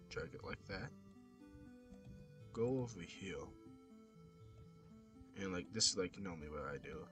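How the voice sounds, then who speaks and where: Deep-voiced man rambling through a tutorial. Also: expressive, measured pace, pauses often. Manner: rambling, many fillers, often drops to a whisper. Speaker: 3D modeling tutorial maker. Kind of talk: casual screen-recorded tutorial commentary. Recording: clear background music.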